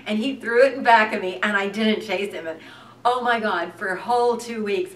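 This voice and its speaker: A woman who works as an actress, chatting casually as a guest and telling lively stories with frequent laughter. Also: mid-range voice, normal speed. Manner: animated storyteller, laughs often. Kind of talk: casual chat. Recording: echoey room, distant mic.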